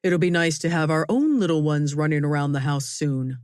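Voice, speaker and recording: A woman voicing a genial, joking middle-aged rancher in a lowered, easygoing tone. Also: brisk, a little mellow, no room sound, clean studio sound, natural voice. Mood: wry.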